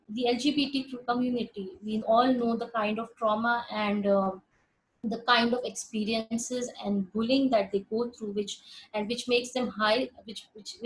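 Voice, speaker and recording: A woman's voice: fairly high pitch, poor audio. A woman psychologist with an Indian English accent giving a webinar lecture on a video call, earnest and emphatic, often repeating words as she rephrases.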